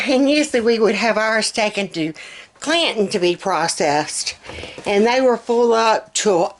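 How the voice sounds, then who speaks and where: A middle-aged woman from Alabama with a Southern accent, chatting casually on her home vlog, a bit out of breath, rambling with fillers. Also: mid-range voice. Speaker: home vlogger.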